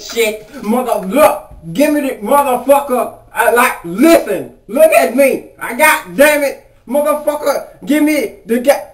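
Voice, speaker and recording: A man's voice: sits high, echoey room, recorded from a distance. A man playing a swaggering, clumsy small-time robber who blusters and stumbles through threats full of swearing.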